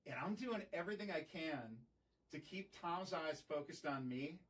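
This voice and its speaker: A man telling a profane, animated story from his band days in a casual stream chat. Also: on the high side, moderate pace. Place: recording studio. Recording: voice picked up from a distance.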